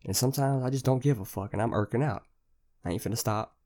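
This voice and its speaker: A man's voice: medium pitch, fast, a little mellow. A young man hosting a podcast, telling a rambling story in casual, slang-heavy, profane talk. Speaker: podcast host.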